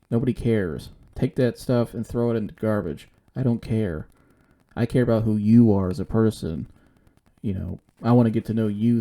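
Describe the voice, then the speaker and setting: A podcast host delivers a casual solo monologue in a fairly low, dark-toned male voice. His talk is rambling and blunt, circling back on itself as he hosts his own show.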